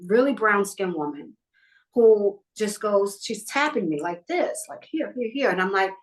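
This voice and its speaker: A woman's voice: medium pitch, measured pace. A middle-aged woman from New York telling personal stories in a casual interview and acting out the people in them. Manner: animated, acts out the people in her stories. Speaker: guest, talent manager.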